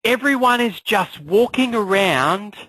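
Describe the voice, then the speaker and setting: Man, motivational coach, energetic, rhetorical questions, higher voice, dry sound. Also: unhurried, no room sound, poor audio. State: clearing a frog in his throat. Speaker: online class coach. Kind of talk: motivational live class talk.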